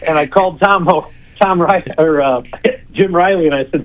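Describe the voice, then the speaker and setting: Halting, reminiscing man with muffled sound. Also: a little high. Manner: halting, frequent restarts and fillers. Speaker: former ballpark executive. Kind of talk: reminiscing casual chat. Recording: dull lo-fi sound.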